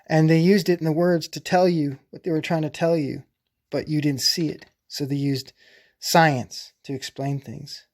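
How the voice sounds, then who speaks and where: A man delivering a rambling explanatory monologue to camera, insistent and blunt, with profanity, lingering slowly over puns. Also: a little high, fairly even intonation, a little mellow. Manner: repeats and drags out puns slowly. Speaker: solo video presenter.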